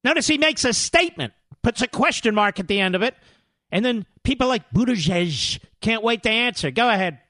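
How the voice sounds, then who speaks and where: A man's voice: very high voice, animated, brisk, pushed and bright, dry recording, studio quality. A man hosting a political talk radio show, combative and sarcastic, mocking his targets as he talks.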